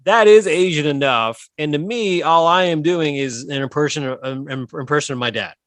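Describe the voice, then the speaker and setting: Animated, swearing man telling stories. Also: a little high, normal speed, no room sound. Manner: animated storyteller, swears freely. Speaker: podcast co-host. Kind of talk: casual comedic chat.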